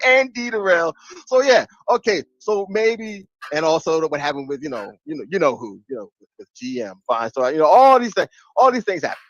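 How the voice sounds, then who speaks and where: A man's voice: a little high, fairly quick, no echo. A man ranting and laughing in casual livestream chat, his talk full of restarts and sudden bursts. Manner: animated ranting, laughs between lines. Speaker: stream panelist. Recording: muffled lo-fi audio.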